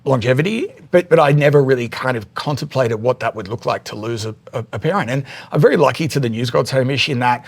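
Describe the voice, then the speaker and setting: A man's voice: medium pitch, expressive, fast, vocal fry, hardly any pauses. An Australian man, a podcast guest, telling a personal story candidly, often repeating words and swearing freely.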